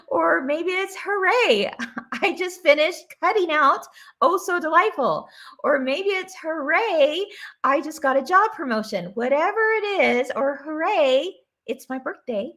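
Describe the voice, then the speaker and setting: Bubbly, high-voiced woman host. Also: expressive, a little slow, bright, forceful tone. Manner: bubbly, enthusiastic, laughs often. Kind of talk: live-stream chat reading viewer comments.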